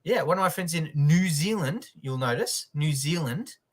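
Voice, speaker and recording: A man's voice: on the high side, lively intonation, moderate pace, a loud crowd. A man with an Australian accent, co-hosting a news comedy livestream in casual chat, joking and swearing freely.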